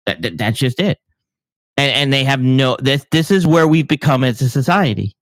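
A man co-hosting a podcast talks earnestly, stumbling and restarting as he makes his point. His voice is mid-pitched and recorded dry and close, with no room echo. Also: animated, brisk, fairly bright tone. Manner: earnest, repetitive, stammering. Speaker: podcast co-host. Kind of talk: live-stream podcast chat.

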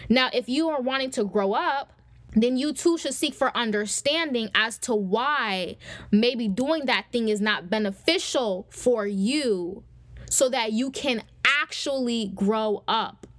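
A woman's voice: a little high, slow pace, a bit bright, no room sound. A young adult woman hosting a faith-based podcast, teaching in a conversational, preacher-like way and speaking straight to her listeners. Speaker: podcast host.

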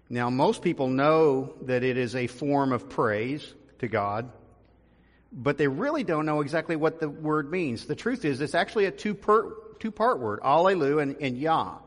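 A man's voice: mid-range voice, moderate pace. Guy preaching a chatty sermon, lots of ums, long church echo. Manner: conversational, many ums and restarts, grows emphatic. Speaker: pastor. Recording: long reverb of a large room.

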